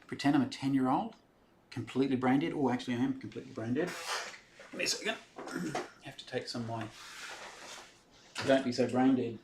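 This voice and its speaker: Against a noisy background, a fast-talking Australian man of medium pitch hosts a live stream. He rambles in a friendly, chatty manner, reading out viewers' comments and answering their questions.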